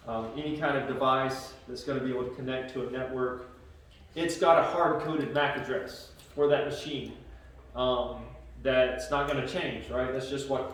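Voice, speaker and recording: A male computer science teacher giving a casual, conversational classroom lecture with many fillers. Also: mid-range voice. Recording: echoey classroom from far off.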